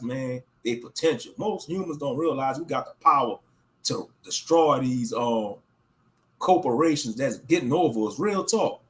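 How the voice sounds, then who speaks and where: Animated man ranting. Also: a little high. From Louisiana, USA. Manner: slangy, heated, repetitive. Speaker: livestream host. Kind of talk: casual ranting commentary.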